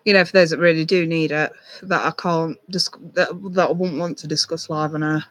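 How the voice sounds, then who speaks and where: Speaking briskly in a steady, mid-range voice, a tarot reader comforts a viewer softly during a live stream. The recording is dry, and the talk is full of ums and restarts.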